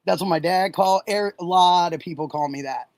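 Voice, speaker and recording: A middle-aged woman from Oregon hosting a casual livestream, warmly thanking viewers and answering chat messages. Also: lowish voice, brisk, no room sound, low-quality recording. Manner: warm, gushing, reads and answers chat messages. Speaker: livestream host.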